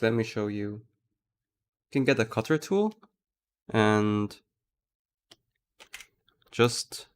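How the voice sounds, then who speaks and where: A man streaming live, chatting casually as he thinks aloud and gushes over a tool he likes. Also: on the low side. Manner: thinking aloud, gushing with excitement.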